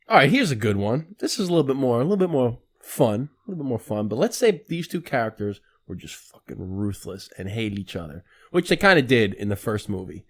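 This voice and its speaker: A man co-hosting a podcast, talking in animated, quick bursts and swearing freely. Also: mid-range voice. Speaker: podcast co-host. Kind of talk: casual chat.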